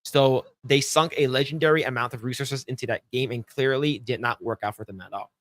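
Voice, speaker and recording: A man's voice: medium pitch, steady tone, fairly quick, fairly bright tone. A man co-hosting a podcast, chatting casually and reading news aloud with blunt, crude jokes. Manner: blunt, joking, crude asides. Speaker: podcast co-host.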